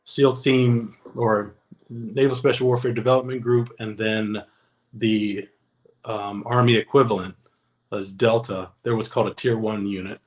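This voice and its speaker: A man's voice: lowish voice, steady tone, a little slow, rough recording. A man guesting on an interview podcast, telling his stories in an easygoing, anecdotal way and acting out the dialogue. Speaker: guest, former Navy special operator. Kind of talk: casual interview storytelling.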